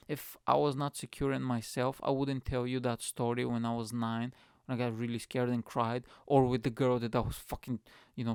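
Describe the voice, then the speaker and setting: A man hosting his own solo podcast, rambling and excitable, swearing freely as he rants to listeners. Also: mid-range voice, creaky, smooth, dry recording, clean studio sound. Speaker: podcast host.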